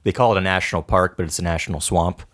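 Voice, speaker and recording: A man's voice: deep voice, steady tone, quick pace, a bit bright. A young man co-hosting a casual podcast, rambling and jokey. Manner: rambling, jokey, drops into impressions. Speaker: podcast co-host. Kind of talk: casual chat.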